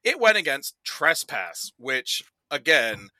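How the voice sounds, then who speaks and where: A man chatting casually on a podcast as a guest, animated and rambling, packing his talk with "like" and quick put-on voices for the people he quotes. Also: fairly high pitch, no echo. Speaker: podcast guest presenting a movie bracket.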